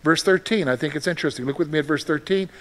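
A man with a high voice preaching to his congregation. He talks in a loose, conversational way, asks the room questions and acts out short voices to make a point. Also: fast, fairly bright tone. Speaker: pastor. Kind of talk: sermon.

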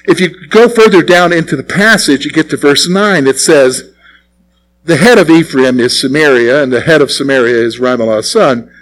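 A man's voice: a little high, normal speed, slight background noise, rough recording. A man preaching a radio sermon in a conversational way, putting questions to his congregation. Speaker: pastor. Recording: recorded sermon broadcast on radio.

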